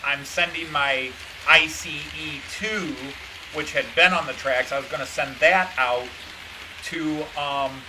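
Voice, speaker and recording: A man's voice: on the high side, background noise. A man chatting casually on a live stream about his model trains, rambling and dejected, blaming himself. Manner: rambling and meandering, dejected and self-critical.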